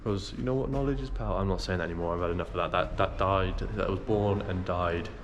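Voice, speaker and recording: A man's voice: sits low, quick pace. Rambling young man vlogging outdoors. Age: young adult. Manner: rambling, chatty, self-mocking. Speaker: travel vlogger. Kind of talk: casual travel vlog. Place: outdoors around a town and driving a car. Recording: noisy outdoor camera audio. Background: street ambience and vehicle noise.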